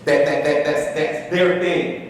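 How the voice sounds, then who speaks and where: Man telling stories in an echoey hall. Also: measured pace. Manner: animated storyteller, shifts loudness, acts out dialogue. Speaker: speaker at an education talk. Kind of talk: storytelling talk to an audience. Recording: echoey hall, distant mic, faint rumble.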